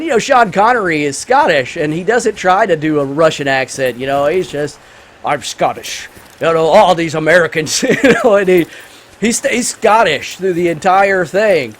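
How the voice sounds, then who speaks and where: A man hosting a gaming channel, giving rambling, enthusiastic let's-play commentary full of fillers while he reviews a film. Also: fairly high pitch.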